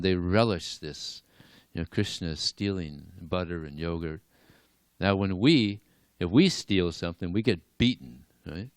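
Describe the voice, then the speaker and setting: A deep-voiced man tells devotional stories in a temple class, animated and chuckling now and then. His delivery is relaxed and conversational. The recording is dry and close. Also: no room sound. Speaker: lecturer. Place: temple hall.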